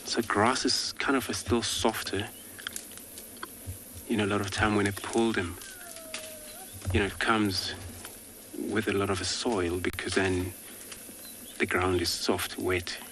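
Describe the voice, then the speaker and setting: Deep-voiced safari guide, relaxed. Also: male voice, takes it slowly, pauses often, a little hiss or hum. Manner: relaxed, many filler words. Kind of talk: live wildlife commentary. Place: outdoors on a safari drive.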